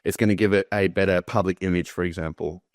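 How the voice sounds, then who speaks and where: A man with a very low voice argues his case in a casual online group discussion. He presses the others with pointed questions. The sound is dry and close. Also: steady tone, fast talker, no room sound. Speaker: discussion participant.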